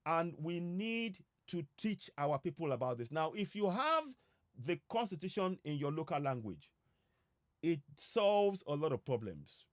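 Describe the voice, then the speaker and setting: A man with a Nigerian accent giving an earnest civic talk on a live stream, emphatic and pausing often with fillers. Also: a little high, very animated, dry recording, studio quality. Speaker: civic educator. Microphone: streaming setup.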